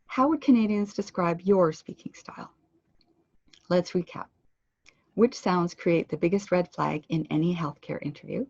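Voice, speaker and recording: A woman leads an online pronunciation lesson in a low, gravelly voice with a husky edge. She speaks deliberately and slows down to model each word. The audio is dry and a little dull, like a web conference microphone. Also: mellow, no echo. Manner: clear, deliberate teaching delivery, slowing down to model words. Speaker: pronunciation instructor. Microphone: computer microphone on a web conference.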